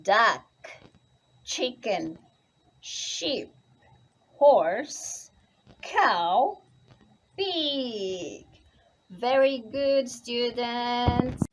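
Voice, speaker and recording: Slow, lively-voiced woman teaching children. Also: on the high side, a little hiss or hum. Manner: teacherly, slow and exaggerated, quizzing the listener. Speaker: English teacher. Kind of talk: slow, sing-song spelling lesson for young children.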